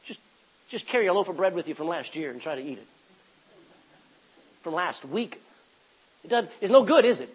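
A husky-voiced man in middle age preaching a sermon. His pitch sits high and rises and falls widely, and he breaks from quiet asides into sudden loud cries. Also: big pitch swings, moderate pace, pauses often, rough recording. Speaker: pastor.

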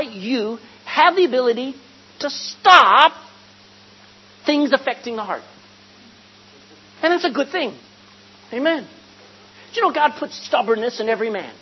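A woman preaching a sermon, retelling a scripture story with animated storytelling, asking the congregation questions and calling for amens. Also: on the high side, breathy edge. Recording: dull lo-fi recording with faint hum.

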